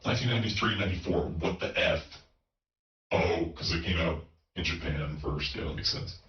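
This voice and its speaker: A man streaming retro games through a voice changer that pitches him down into a deep male cyborg, chatting casually and cracking jokes. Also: normal speed, roomy sound, recorded from a distance, dull audio. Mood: wry. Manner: casual, wisecracking game commentary.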